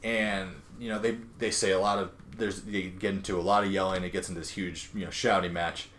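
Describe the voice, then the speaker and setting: A man's voice: deep voice, little pitch movement, brisk, a bit bright, slight background noise. A man casually retelling a comic book's plot on a podcast, rambling with lots of fillers and quoted dialogue. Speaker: podcast co-host recapping a comic. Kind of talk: casual chat.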